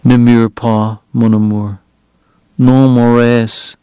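Man voicing frontier saloon woman, clingy, pleading, soft, French endearments, dry audiobook read. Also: mid-range voice, level tone, slow pace, smooth, no room sound, lightly acted. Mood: tender pleading.

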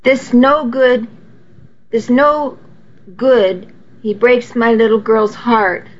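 A woman's voice: on the high side, steady tone, slow. A woman voicing a feisty elderly grandmother who speaks fierce, clipped broken English, on a dull lo-fi recording. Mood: furious.

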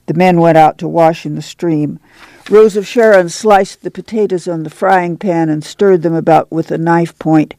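An audiobook narrator reading a novel aloud in an even, unhurried manner. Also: medium pitch, no echo.

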